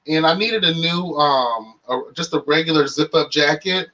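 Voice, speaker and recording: A sassy man with a high, bright voice tells a story as a casual rant, swearing freely and playing every moment up for drama. He sounds exasperated throughout. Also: normal speed. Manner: profane, sassy, animated storytelling. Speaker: channel host.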